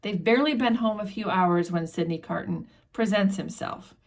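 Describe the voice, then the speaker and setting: A woman hosting a book channel, retelling a classic novel in a relaxed, conversational way with fillers and restarts. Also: mid-range voice, normal speed. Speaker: book discussion host. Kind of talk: casual book summary with read quotes.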